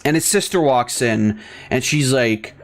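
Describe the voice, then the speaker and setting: A man's voice: mid-range voice, lively intonation, unhurried. A young man hosting a gaming video, ranting in a rambling, profane way full of fillers and restarts. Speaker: gaming channel host. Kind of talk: casual ranting commentary over gameplay.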